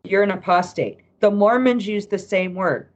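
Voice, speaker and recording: A woman's voice: medium pitch, moderate pace. A woman joining a casual podcast chat, helpfully offering the right word. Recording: dull muffled mic.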